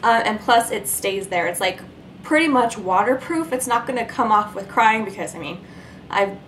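A woman's voice: mid-range voice, lively intonation, normal speed, fairly bright tone, a little hiss or hum. A pregnant young woman reviewing her makeup favorites to camera, chatting in a bubbly, giggly, rambling way. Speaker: beauty vlogger.

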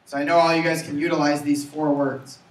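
A young man giving an energetic motivational sales talk, urging his audience to repeat after him. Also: fairly high pitch, fairly quick. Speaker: sales trainer. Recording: roomy, from far off.

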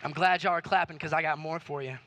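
A man's voice: fairly high pitch, steady tone, fast, a bit bright. A man preaching a sermon as pastor, emphatic, with repeated rhetorical questions. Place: church auditorium.

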